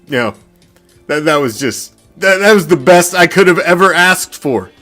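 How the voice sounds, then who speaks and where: A man's voice: a little high, animated, moderate pace, bright, forceful tone, soft background music. A man hosting a sports fan podcast, ranting in a profane, gloating way and laughing often. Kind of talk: fan reaction rant.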